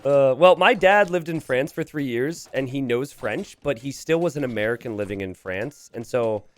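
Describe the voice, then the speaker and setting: Animated man casting a strategy game. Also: medium pitch, soft background music. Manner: animated, joking, quick to laugh. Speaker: esports caster. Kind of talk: live game commentary with banter.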